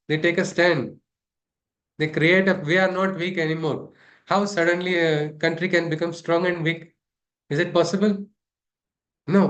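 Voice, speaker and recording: A man leads a spiritual class, his voice sitting somewhat high. He talks in a loose, discursive way and keeps checking in with rhetorical questions. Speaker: spiritual teacher. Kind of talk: teaching a scripture class.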